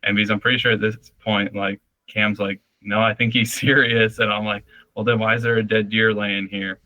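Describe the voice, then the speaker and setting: A man's voice: lowish voice, flat delivery, brisk, sharp tone, dry recording, highs cut off. A young man, a guest on a podcast, recounting a hunt in a plain, matter-of-fact way. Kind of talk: casual storytelling.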